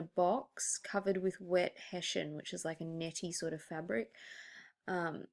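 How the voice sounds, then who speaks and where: A woman's voice: lowish voice, fairly even intonation, measured pace, creaky, darkish tone. A young woman teaching a hospitality lesson, reading from slides in a chatty way with many ums, restarts and asides.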